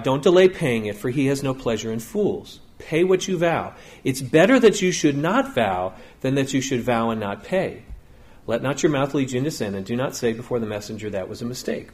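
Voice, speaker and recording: A middle-aged man preaching in an easy, conversational way. His pitch sits in an ordinary middle range. He slips into the people in his stories, briefly giving them voices. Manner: conversational storytelling, acts out quotes. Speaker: pastor. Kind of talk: sermon.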